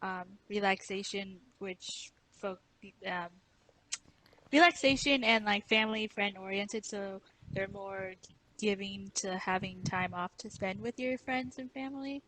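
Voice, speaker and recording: A woman's voice: mid-range voice, unhurried, pushed and bright, slight background noise, poor audio. A woman chatting on a podcast with friends in a playful, chatty way. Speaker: podcast guest. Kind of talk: casual chat.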